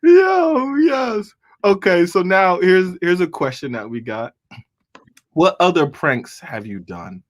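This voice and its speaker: A man's voice: a little high, expressive, measured pace. A man hosting a live comedy show, reading out questions for his guest. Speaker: host.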